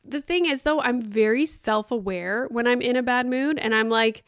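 A woman in her thirties hosts a casual solo podcast, rambling through an exasperated story with "like" after almost every phrase. Her voice is smooth and crisp, at a middle pitch. The recording is dry and close. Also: normal speed, no room sound. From Canada. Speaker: podcast host.

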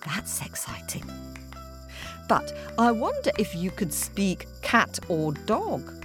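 Woman presenting a kids show, slowish and lively, lowish voice, music underneath. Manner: friendly, questioning the listener. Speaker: podcast host. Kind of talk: children's podcast presenting.

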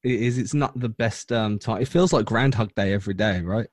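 A young man chatting easily with the hosts, quick to laugh. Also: lowish voice, no echo, studio quality. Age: young adult. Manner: easygoing, laughs often. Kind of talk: casual chat.

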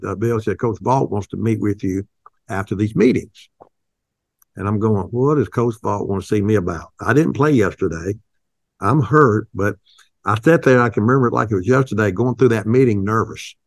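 An older man, a company founder, telling a folksy, halting story in an interview, with many restarts. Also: lowish voice, dry recording, clean studio sound.

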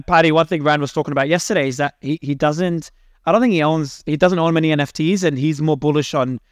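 A man hosting a live audio panel, excitable and teasing, who often restarts his sentences. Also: fairly high pitch, no echo, studio quality. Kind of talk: casual panel talk.

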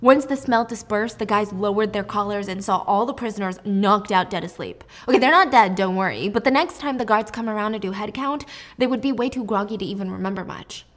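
A young woman recapping a story in a casual, jokey and animated way. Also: medium pitch, fairly quick. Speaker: book recap host.

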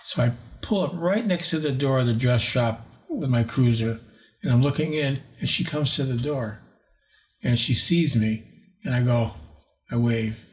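A man's voice: mid-range voice, moderate pace, a little mellow. A man in his sixties, a paranormal investigator, telling a rambling story in an interview and acting out the people he quotes. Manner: rambling, acts out quoted voices.

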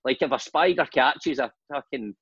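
A Scottish man in his forties, a former footballer, telling animated anecdotes on a podcast with laughs and swearing. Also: medium pitch, normal speed, breathy edge, no echo, highs cut off. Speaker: guest, former footballer and manager. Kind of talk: casual storytelling chat.

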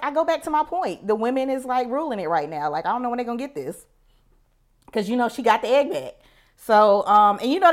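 A woman gives her opinions in quick, colloquial chat, repeating her points for emphasis. Her voice sits in a mid range and the words tumble out fast. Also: mid-range voice. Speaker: podcast co-host. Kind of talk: casual chat, giving opinions.

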